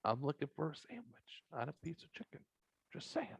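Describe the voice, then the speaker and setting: A man co-hosting a podcast, telling profane, exaggerated comic stories in a casual, animated way. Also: on the high side, quick pace, vocal fry, no room sound. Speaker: podcast co-host. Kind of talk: casual comedic storytelling.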